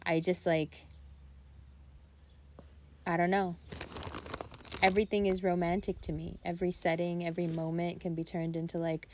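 A young adult woman chatting casually, telling stories in a rambling, animated way full of "like" and laughter. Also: lowish voice, normal speed, pauses often, a little hiss or hum. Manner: rambling, animated storytelling with frequent "like" and bursts of laughter. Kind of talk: casual chat.

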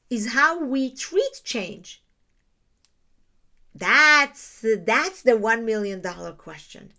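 A woman's voice: on the high side, a bit bright. A woman giving a reflective teaching talk on Jewish ideas, explaining terms and asking her listeners rhetorical questions.

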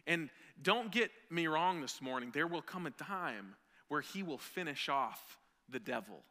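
A man preaching a sermon as pastor, animated, with jokey asides and acted-out scenes. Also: on the high side, unhurried. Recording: long hall reverb.

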